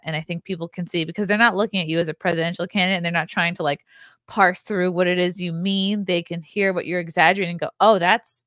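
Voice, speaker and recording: Low, dry-voiced woman podcast host. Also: fairly bright tone, no room sound. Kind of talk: casual podcast chat.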